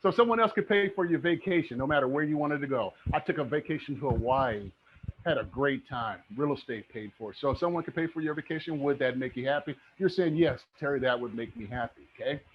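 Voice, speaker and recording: Energetic motivational man teaching a webinar. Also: fairly high pitch, fast talker, dull audio, a little hiss or hum. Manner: energetic, motivational, keeps asking "okay?". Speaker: real estate instructor. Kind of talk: live online webinar teaching.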